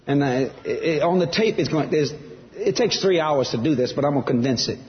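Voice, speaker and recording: Man, preacher telling his testimony, fairly high voice, muffled recording with long hall reverb. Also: brisk, slight background noise. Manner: animated storytelling, acts out voices. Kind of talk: testimony sermon.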